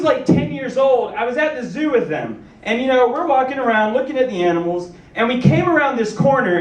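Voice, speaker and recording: A man performing a stand-up comedy set in a comedy club, telling stories and acting out characters. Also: very high voice. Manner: animated storytelling, acts out characters. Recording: roomy club, distant mic, faint noise.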